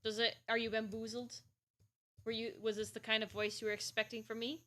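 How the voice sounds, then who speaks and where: A woman's voice: on the high side, flat delivery, fairly quick, pushed and bright. A woman streamer chatting casually while drawing, rambling and playful.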